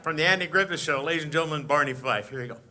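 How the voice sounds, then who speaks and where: Brash stand-up comic, sharp edgy voice. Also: male voice, on the high side, very fast. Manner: brash, needling audience crowd work. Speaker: stand-up comedian. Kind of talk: stand-up insult comedy tribute act.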